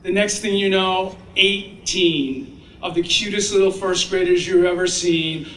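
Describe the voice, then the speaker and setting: A man with a fairly high voice gives a ceremonial graduation speech, telling stories and playing out the children's parts with lively energy. He sounds distant and echoey, as if heard through a sound system across a big space, with faint noise beneath. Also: a little slow. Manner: animated storyteller, acts out children's voices. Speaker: commencement speaker.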